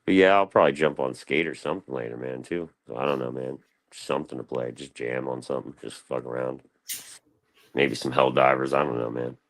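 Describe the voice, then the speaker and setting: A man's voice: very deep voice, fairly even intonation, brisk. A young man, rambling through casual stories on a live panel stream, slangy and loose, full of fillers. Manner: laid-back, slangy, loose storytelling with lots of fillers.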